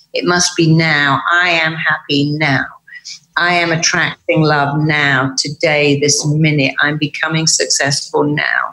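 A British woman talks through ideas with emphatic energy, often slipping into quoted voices of the mind. Her voice sits low and the room around it is audibly roomy. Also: measured pace. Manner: acts out inner dialogue in quoted voices, emphatic and lively. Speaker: guest, therapist. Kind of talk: animated podcast conversation.

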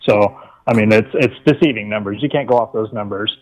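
A man's voice: on the low side, fairly quick, lo-fi sound. A man calling in to a talk radio show, rambling and frustrated. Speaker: caller.

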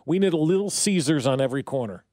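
A man's voice: fairly high pitch, quick pace, no echo, studio quality. A man with a Kansas City accent, hosting a sports radio show and chatting casually while reading out listener texts. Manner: joking, lively, reads out listener texts. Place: radio studio. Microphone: studio mic.

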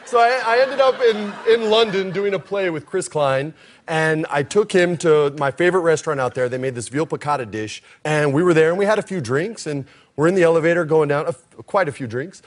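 A man telling a lively drunken anecdote, acting out the quotes of the people in it. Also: fairly high pitch, brisk. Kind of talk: animated storytelling. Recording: noisy played clip.

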